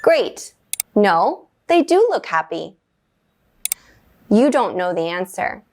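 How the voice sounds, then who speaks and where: Clear-voiced woman teaching grammar. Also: mid-range voice, sing-song, a little mellow, a little hiss or hum. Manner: clear, measured explaining with brief upbeat praise. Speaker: English teacher. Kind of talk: scripted grammar lesson.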